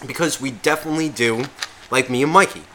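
A man co-hosting a casual podcast, rambling and swearing constantly, often restarting and questioning himself, and growing loud and heated when worked up. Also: mid-range voice, fast. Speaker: podcast co-host.

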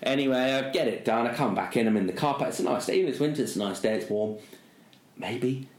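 A man's voice: medium pitch, fast, echoey room. A middle-aged man, co-hosting a casual chat and telling a long self-mocking story, full of fillers. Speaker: podcast co-host.

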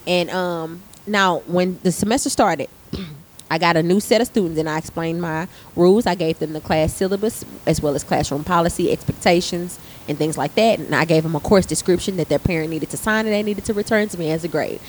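A woman's voice: lowish voice, fairly quick, slight background noise, rough recording. A woman in her thirties, a theater arts teacher, chatting casually and telling a work story with lots of swearing and acted-out quotes. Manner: animated storytelling with profanity, acting out quotes. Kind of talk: casual podcast chat.

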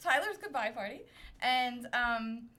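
Bright, laughing storyteller woman from Brooklyn. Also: a little high, measured pace. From Brooklyn, New York. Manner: laughs often, animated and self-mocking. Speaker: podcast guest. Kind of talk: casual storytelling.

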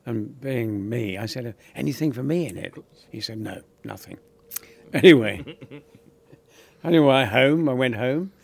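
An older man tells stories from his acting career in a relaxed interview. His voice is gravelly, and he slips into the other people's voices as he quotes them, chuckling along the way. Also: medium pitch, measured pace. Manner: animated storyteller, acts out quoted voices, laughs often. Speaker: actor guest. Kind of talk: anecdotal interview storytelling.

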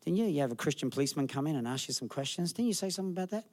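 Slightly high and rapid-fire, the voice belongs to a middle-aged man preaching as a pastor. Jokes run through his animated stories, and he mimics each person he quotes.

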